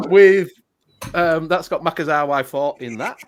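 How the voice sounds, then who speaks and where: A man with a slightly high voice rambles through casual banter, pausing on fillers. A faint hiss sits under his voice. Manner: rambling, halting, giggly. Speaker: vape show panelist.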